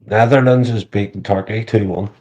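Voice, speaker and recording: A man's voice: on the low side, fairly even intonation, moderate pace, darkish tone. A man chatting casually on a livestream, crude and joking, swearing freely. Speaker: livestream co-host. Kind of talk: casual live chat.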